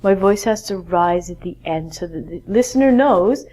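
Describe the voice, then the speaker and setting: A woman's voice: fairly low pitch, animated, moderate pace, darkish tone. A woman teaching an English grammar lesson, speaking patiently and encouragingly. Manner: patient, encouraging, stretches out words. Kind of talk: slow, clear grammar lesson.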